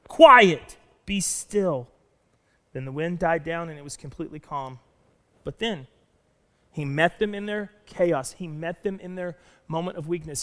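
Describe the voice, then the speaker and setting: A man preaching a sermon as pastor, telling a story with animated delivery and acting out the lines he quotes. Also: fairly high pitch. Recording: long reverb of a church hall.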